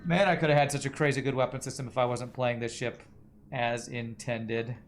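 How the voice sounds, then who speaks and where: A man's voice: medium pitch, quick pace, slight background noise. A man streaming a video game, casually chatting and telling a rambling story while he plays. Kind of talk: casual gameplay commentary. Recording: faint game music behind. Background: faint game music.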